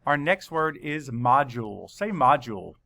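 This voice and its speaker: A man teaching a spelling lesson to children, spelling words out letter by letter in a slow, deliberate way. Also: medium pitch, expressive, vocal fry, pushed and bright.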